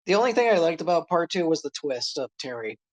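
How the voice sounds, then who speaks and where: A man chatting on a podcast, explaining himself in rambling, halting sentences full of restarts. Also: a little high, sing-song, low-quality recording. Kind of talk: casual podcast chat.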